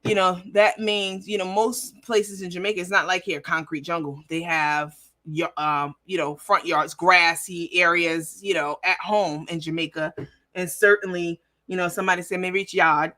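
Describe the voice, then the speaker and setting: Woman livestream host, brash and profane, bright cutting tone. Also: lowish voice, fairly even intonation, normal speed. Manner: brash and profane, talks straight to viewers. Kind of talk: casual livestream chat.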